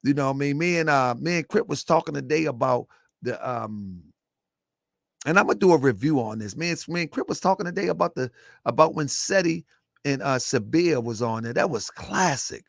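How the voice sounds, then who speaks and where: Animated gravelly-voiced male show host. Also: fairly high pitch, moderate pace, no room sound, studio quality. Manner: animated, rambling, repeats himself, bursts of laughter. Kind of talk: casual livestream commentary.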